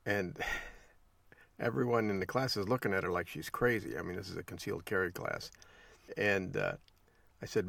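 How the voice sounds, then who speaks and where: Gravelly low-voiced male podcast host. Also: normal speed, pauses often, a bit bright, no echo, recorded from a distance. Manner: folksy, chuckles while telling stories. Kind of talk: casual monologue and storytelling.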